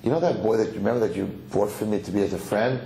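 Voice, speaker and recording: A man's voice: lowish voice, quick pace, heavy background noise, lightly acted. A man telling a parable, voicing a spoiled and jealous rich son, in an echoey hall. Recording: echoey hall, faint ambience.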